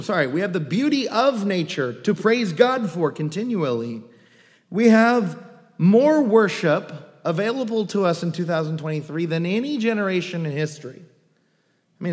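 A man preaching a sermon as pastor, animated, with joking asides and quoted voices. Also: sits high. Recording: long reverb of a hall.

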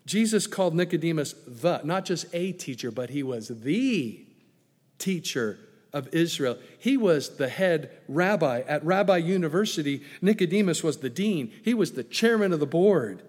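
A man preaching a sermon as pastor, playful and animated, dropping to hushed tones for emphasis. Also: on the high side, normal speed. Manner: animated, playful asides with sudden hushed drops. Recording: long echo of a large hall.

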